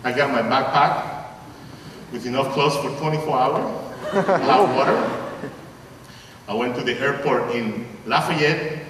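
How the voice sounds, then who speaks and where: A man from Puerto Rico with a Puerto Rican Spanish accent, a priest telling a lively story in a sermon to a youth conference, acting out the other people's lines as he goes. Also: mid-range voice, unhurried, pauses often, background noise. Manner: animated, playful storytelling with acted-out dialogue. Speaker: priest giving a homily. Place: large arena. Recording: echoey arena heard from far off.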